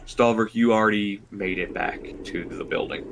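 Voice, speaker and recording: A man with a lowish, gravelly voice serves as dungeon master for a tabletop game, describing scenes slowly and deliberately with pauses. Background noise can be heard.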